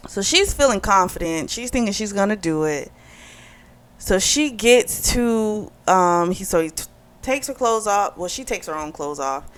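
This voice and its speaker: A woman giving a casual book review, retelling the plot in an animated way and acting out the dialogue. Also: mid-range voice, moderate pace.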